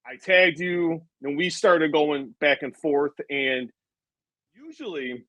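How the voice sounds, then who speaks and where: A man's voice: a little high, slow, fairly bright tone, no echo, low-quality recording. A man in his thirties interviewing a guest, telling a long, rambling anecdote with lots of asides. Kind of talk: casual interview storytelling.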